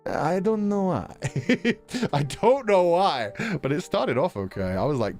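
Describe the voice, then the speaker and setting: Lively, laughing male streamer. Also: fairly high pitch, a little slow. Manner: laughs often, thinks out loud, swears casually. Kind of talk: casual chat after a game stream. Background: faint background music.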